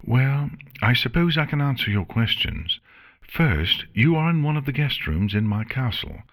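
A man voicing a calm, gentle royal princess who lectures kindly in a fan storybook reading. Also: medium pitch, moderate pace, pitched above the performer's own voice. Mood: cheerful.

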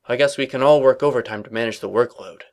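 A man's voice: mid-range voice, fast talker, natural voice. A man as a caring big-brother stallion. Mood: concerned. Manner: concerned, steady.

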